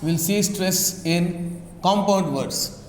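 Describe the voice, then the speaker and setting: Male teacher, high voice, slow repetitive drilling, roomy classroom echo. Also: darkish tone, a little hiss or hum. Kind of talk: classroom lecture on word stress. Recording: echoey classroom with long reverb.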